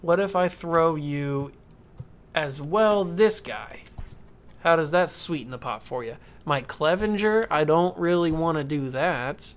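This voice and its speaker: A man's voice: on the high side, expressive, a little slow, clean tone. A man casually commenting while playing a baseball video game, talking to himself and coaxing the game. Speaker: gaming YouTuber. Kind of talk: casual let's-play commentary.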